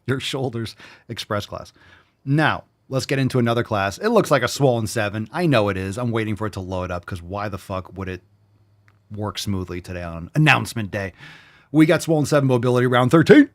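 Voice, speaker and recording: A man hosting a fitness show in casual livestream chat, brash and joking, swearing freely. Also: mid-range voice.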